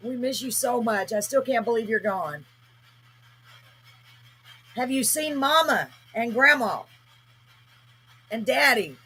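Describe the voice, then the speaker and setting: A woman hosting a live spirit-box session, speaking a little above the usual pitch with a bright, forward tone. Her voice has a slightly husky edge. She talks earnestly and with feeling as she calls out to spirits directly. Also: animated, slow, pauses often, poor audio. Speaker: host.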